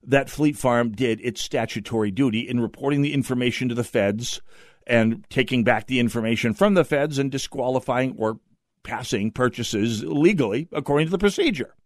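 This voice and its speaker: A man's voice: mid-range voice, dry recording, studio quality. A man hosting a political talk radio show, delivering opinionated, sardonic commentary with frequent fillers and restarts.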